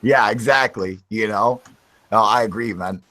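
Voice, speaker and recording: A man's voice: lowish voice, unhurried, pushed and bright. A young man hosting a live stream, chatting casually with lots of swearing and "dude". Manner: profane, laid-back, says dude a lot. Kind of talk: casual chat.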